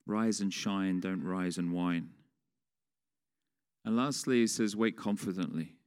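A man's voice: deep voice, slow pace, a little mellow, clean tone. A man preaching a sermon in a conversational way, putting questions to the congregation. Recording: long reverb of a large hall.

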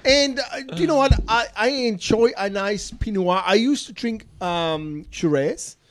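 A man's voice: sits high, unhurried. A man in his fifties chatting loosely on a community radio show, rambling and laughing easily. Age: 50s. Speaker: radio co-host. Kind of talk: casual radio banter.

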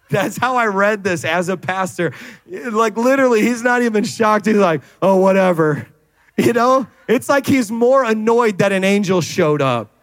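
High-voiced man preaching with animated swings. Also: moderate pace, no room sound. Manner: playful, laughs at own jokes. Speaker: pastor. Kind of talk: sermon.

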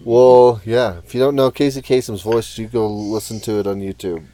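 A man in his forties answering quiz questions in casual chat, joking and animated. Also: fairly low pitch, normal speed. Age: 40s. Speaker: quiz contestant.

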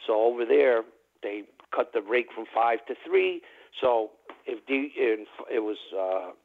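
A man's voice: medium pitch, animated, unhurried, gravelly. Man rambling over a tinny phone line. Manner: rambling, chatty, full of "you know" fillers. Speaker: caller. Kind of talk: casual storytelling on a radio talk show.

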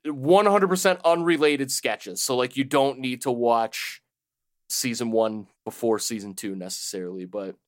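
A man's voice: mid-range voice, a little slow. A man co-hosting a podcast, rambling casually with lots of fillers and restarts. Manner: rambling, hesitant with many fillers, laughs often. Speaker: podcast co-host. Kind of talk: casual chat.

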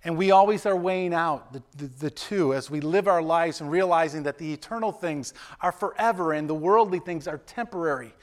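High-voiced man preaching a casual sermon. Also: a little fast, few pauses. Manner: conversational, keeps asking "right?", acts out quotes with playful voices. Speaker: pastor.

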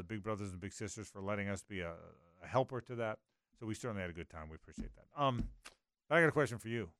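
A man's voice: on the low side, a bit bright, clear, resonant tone, dry recording, studio quality. A middle-aged man hosting a sports radio show, telling a rambling, self-mocking story with lots of restarts and laughter. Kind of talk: casual radio banter.

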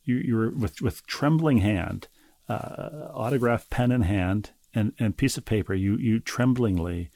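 A man co-hosting a casual podcast, reading listener mail aloud and teasing his co-host in a wry, halting way. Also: on the low side, warm tone.

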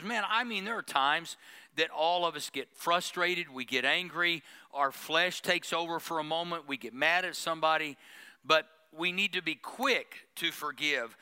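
A male pastor delivers a sermon to his church, teasing the crowd with humor. His voice is bright and crisp, sitting a little high for a man. He keeps it lively and pointed. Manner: preachy, humorous, acts out mocking prayers.

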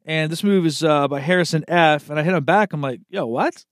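A relaxed man rambles on in a loose monologue, cursing easily and tossing in "man" and "dude" everywhere. His voice sits a bit high for a guy. The recording is dry and close, with no room sound. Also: quick pace, smooth, no echo. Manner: laid-back, swears freely, says "man" and "dude" a lot; chuckles at his own slips.

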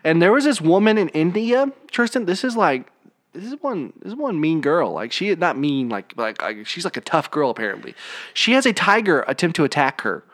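A man's voice: fairly high pitch, a little fast. Rambling podcast host, a man. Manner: rambling, animated storytelling with many restarts. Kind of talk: casual chat.

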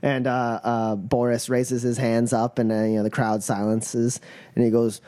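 A man narrating a tabletop role-playing game as game master, pausing often with "uh" and "like". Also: mid-range voice, flat delivery, mellow. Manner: hesitant, full of "uh" and "like".

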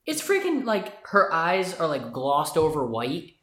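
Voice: mid-range voice, wildly swooping pitch, measured pace, a bit bright. A young adult co-hosting a podcast, chatting expressively about a comic and reading passages aloud. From United States. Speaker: podcast co-host. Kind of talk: casual chat about a comic. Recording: roomy echo.

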